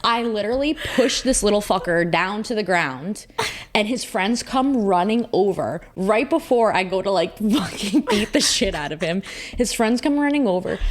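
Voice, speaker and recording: A young woman co-hosting a podcast, telling stories in animated, casual chat and swearing freely. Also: mid-range voice, normal speed. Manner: animated storytelling, frequent swearing. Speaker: podcast co-host.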